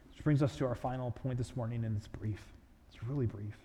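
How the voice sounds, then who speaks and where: A man's voice: medium pitch, fairly quick, dark tone, slight background noise. A man preaching a sermon as a pastor in a casual, conversational way, often repeating phrases. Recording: long reverb of a large hall.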